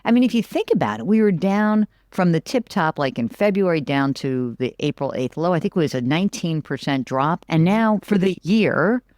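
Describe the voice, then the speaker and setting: A middle-aged woman, a business analyst, talking through the economy in an animated, emphatic way as an interview guest, often repeating words for stress. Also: fairly low pitch, moderate pace, hardly any pauses, no room sound, studio quality. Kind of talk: conversational interview.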